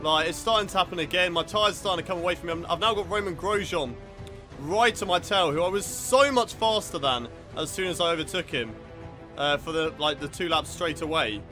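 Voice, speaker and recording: High bright young man commentating. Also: brisk, faint music behind. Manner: frustrated, swearing at the game. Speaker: gaming video host. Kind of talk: live racing game commentary.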